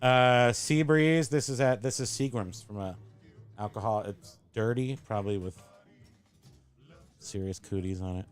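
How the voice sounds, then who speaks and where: A man's voice: on the low side, unhurried, long pauses, faint music behind. Rambling, jokey man hosting casual chat. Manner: rambling, jokey, self-correcting. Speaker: host. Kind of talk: casual show-and-tell chat.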